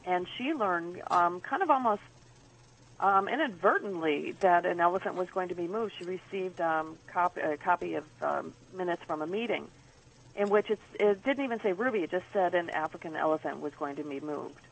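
A woman who is a guest and animal advocate on a radio interview, explaining in a measured way with some fillers. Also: on the low side, creaky, low-quality recording.

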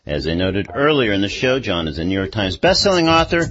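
Man hosting radio with a lively voice. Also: lowish voice, lo-fi sound. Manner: conversational, with frequent "uh" pauses. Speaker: radio show host. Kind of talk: radio news and chat.

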